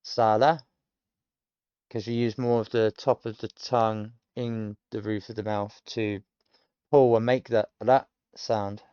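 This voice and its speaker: Slow, deliberate British man in his thirties. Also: lowish voice, level tone, warm tone, clean tone, no echo, highs cut off. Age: 30s. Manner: rambling, explanatory, with many ums. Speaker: language learner streamer. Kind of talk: casual self-study commentary.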